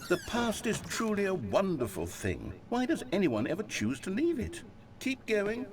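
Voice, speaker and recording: An actor playing a wistful, theatrical game narrator, speaking in a lilting, dramatic way. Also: male voice, sits high, wildly swooping pitch, moderate pace, exaggerated voice. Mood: nostalgic. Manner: lilting, dramatic, swooping delivery. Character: wistful, theatrical male narrator, grandly nostalgic.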